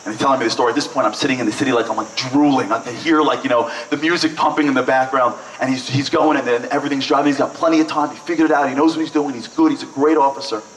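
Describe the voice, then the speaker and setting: A man's voice: medium pitch, racing, hardly any pauses, reverberant, far from the mic, a little hiss or hum, rough recording. A man telling a story at a breakfast event, acting out the people in it. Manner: animated, acts out quoted voices. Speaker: speaker. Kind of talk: storytelling speech. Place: event hall.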